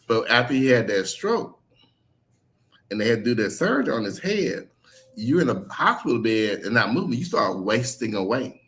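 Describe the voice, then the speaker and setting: This middle-aged man, an author answering interview questions, speaks at normal speed in a mid-range voice. His storytelling is frank and conversational: he imitates the people in his tales, swears offhandedly and laughs often.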